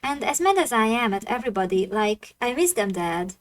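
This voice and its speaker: A wounded teenage girl, stung that her friends turned on her, as a woman reads her lines aloud. The voice sits a little high and is barely acted, close to the reader's own everyday voice. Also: sing-song, brisk, slight background noise. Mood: hurt. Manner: plain read-aloud game dialogue. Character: hurt, upset teenage girl betrayed by friends.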